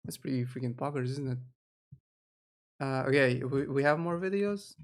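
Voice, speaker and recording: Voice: mid-range voice, expressive, normal speed. A VTuber streamer giving live, rambling reaction commentary to a video, full of restarts. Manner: rambling, confused, lots of restarts and laughs.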